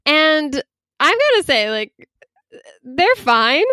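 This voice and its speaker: A woman co-hosting a casual podcast chat, relaxed and quick to laugh. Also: high voice, dry recording. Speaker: podcast co-host.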